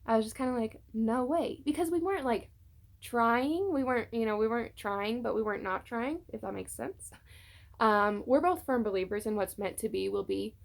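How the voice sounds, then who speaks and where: A young woman tells a personal story to her phone camera at home, rambling with lots of fillers. Her voice has a noticeable gravelly fry, and at times she turns tearful. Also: on the high side, moderate pace. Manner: chatty storytelling with many fillers. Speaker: vlogger. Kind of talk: casual personal vlog. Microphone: phone on a tripod.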